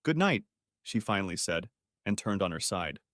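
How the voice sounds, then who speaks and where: Low-voiced man reading a bitter story. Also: steady tone, normal speed, a bit bright, no echo, studio quality. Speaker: audiobook narrator. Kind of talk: first-person story narration.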